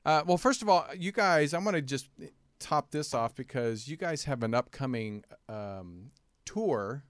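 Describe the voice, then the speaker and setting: A man's voice: medium pitch, lively intonation, unhurried, no echo. A man hosting a talk show in a studio, asking questions with many fillers and restarts. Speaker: host. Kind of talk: casual chat.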